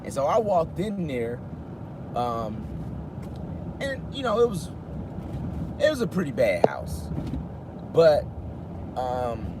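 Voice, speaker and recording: A man in his fifties chatting loosely on a live stream from his car, reading viewer comments as he drives. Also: medium pitch. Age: 50s. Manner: talks loosely, reads viewer comments aloud. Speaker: rideshare driver livestreaming. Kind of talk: casual live-stream chat. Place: inside a car with the window down. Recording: loud street traffic noise.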